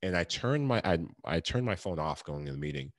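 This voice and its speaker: A man's voice: low voice, lively intonation, brisk, dry recording, studio quality. A man in his thirties telling his story in an interview, earnest and reflective, laughing often. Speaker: podcast guest, former pro athlete.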